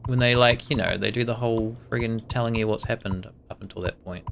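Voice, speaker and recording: A man's voice: mid-range voice, steady tone, brisk, vocal fry, noisy background. A man streaming a video game live, chatting casually with a co-player, rambling and swearing freely. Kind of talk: casual let's-play chat. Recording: game music playing behind. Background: game music.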